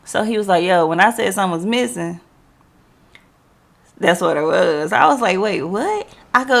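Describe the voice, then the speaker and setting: Slangy woman telling a story, gravelly. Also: mid-range voice, normal speed. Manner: animated, slangy, acts out quoted dialogue. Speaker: podcast host. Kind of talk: casual storytelling.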